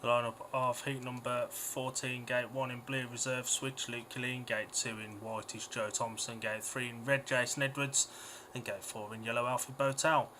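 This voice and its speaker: A man's voice: mid-range voice, flat delivery, moderate pace, sharp tone, slight background noise. A man, a young adult co-host, reading race lineups and giving blunt, emphatic opinions in casual banter. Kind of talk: speedway watch-along chat.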